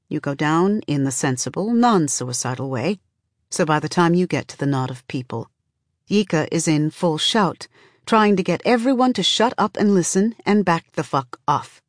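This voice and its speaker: A woman narrating a novel in the second person, telling it in a measured, vivid way. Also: mid-range voice, no room sound, clean studio sound. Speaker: audiobook narrator.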